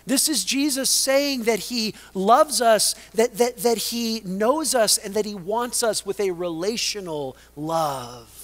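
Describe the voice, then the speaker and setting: A male pastor preaching a sermon, swinging between loud emphasis and hushed, dramatic lines. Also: sits high, slow, hardly any pauses.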